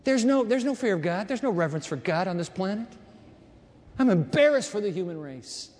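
A man preaching a sermon, reading Bible verses and breaking off into emphatic, animated asides. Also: sits high, fairly quick, a little hiss or hum. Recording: long reverb of a large hall.

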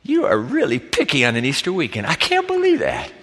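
A man's voice: a little high, wildly swooping pitch, fairly quick, fairly bright tone, a little hiss or hum. A male pastor preaching a dramatic sermon in a church, acting out the voices he quotes. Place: church sanctuary. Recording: reverberant hall.

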